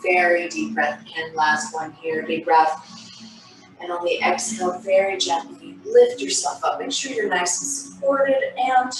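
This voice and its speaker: A woman talks a class through gentle stretches, her voice soothing and breathy with the odd sigh. Her voice sits a little low. She sounds far from a laptop mic in a very echoey room, with clear music playing behind her. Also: steady tone, unhurried. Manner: soothing, breathy cues with sighs and yawns. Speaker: stretching instructor. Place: home room on a video call. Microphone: laptop mic on a video call. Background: background music.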